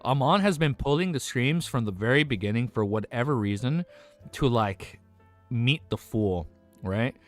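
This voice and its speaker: A young man streaming live and chatting casually with his viewers. He rambles excitedly, swears, laughs often and says he is overwhelmed and lightheaded. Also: medium pitch, normal speed, faint music behind. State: overexcited and lightheaded. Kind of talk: excited casual livestream chat.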